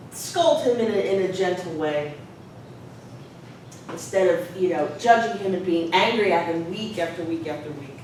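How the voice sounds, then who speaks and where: A woman who is a professor, telling a personal story in a conversational, reflective way. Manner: conversational, reflective, lots of "you know". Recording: very echoey room, distant mic, faint rumble.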